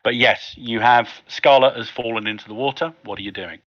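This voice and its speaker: Casting: male game master, bright, dry close sound, slightly dull audio, narrates with ums. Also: mid-range voice, no echo. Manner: descriptive, unhurried with fillers.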